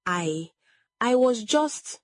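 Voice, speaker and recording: A woman's voice: medium pitch, sing-song, a little slow, husky, no room sound, studio quality. A woman voicing a nervous young village woman who stammers and turns defensive in a storybook scene.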